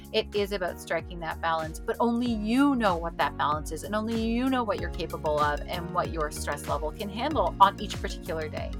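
Lively woman podcast co-host. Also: lowish voice. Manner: lively, animated storyteller. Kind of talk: casual chat.

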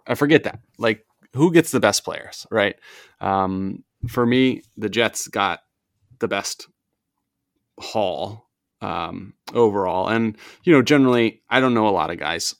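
A man hosting a casual sports podcast, chatty and opinionated with quick asides. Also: lowish voice, vocal fry, dry recording, studio quality.

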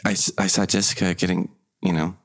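A man playing an exasperated young roommate in an improv comedy scene, with a dry, halting delivery. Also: deep voice, flat delivery. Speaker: improv performer.

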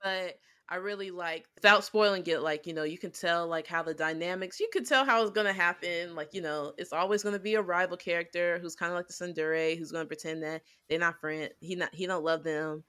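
A woman with a bright, forceful tone and a somewhat low pitch, talking casually on a podcast. She rambles through lots of fillers and gets animated as she retells scenes. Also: brisk, hardly any pauses, clean tone. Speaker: podcast co-host. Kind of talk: casual anime review chat.

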